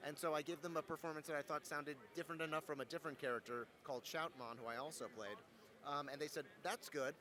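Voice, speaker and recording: A young adult man who works as a voice actor appears as a guest in a casual interview, telling stories in a playful, joking, animated way. His voice is on the high side, and he talks fast.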